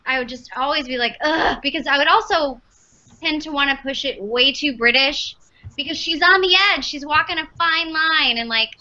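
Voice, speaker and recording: Chatty voice actress lady, high and super bright, kinda dull lo-fi call audio. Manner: chatty, rambling with many fillers. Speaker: voice actress guest. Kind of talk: casual podcast chat.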